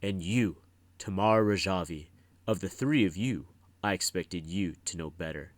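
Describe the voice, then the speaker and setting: A man's voice: sits low, measured pace, no room sound. A man voicing a stern older male wizard teacher who scolds his apprentices in a commanding, reproachful way. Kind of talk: audiobook reading.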